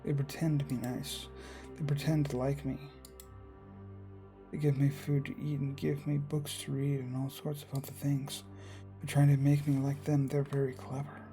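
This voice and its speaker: A man reading a visual novel aloud in quiet, brooding first-person narration. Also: mid-range voice, level tone, normal speed, faint music behind. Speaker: let's player.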